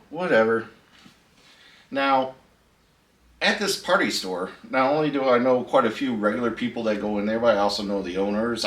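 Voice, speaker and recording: A man's voice: medium pitch, fairly bright tone, far from the mic. Laid-back man telling a story, echoey room. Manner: laid-back, chatty, laughs at his own story. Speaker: host. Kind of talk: casual storytelling vlog. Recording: echoey room, voice a bit off-mic.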